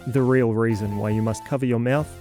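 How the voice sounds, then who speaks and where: A man hosting an audio fiction show, introducing the episode with deadpan dark humor. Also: mid-range voice, a little fast, faint music behind. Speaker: podcast host. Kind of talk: scripted narration.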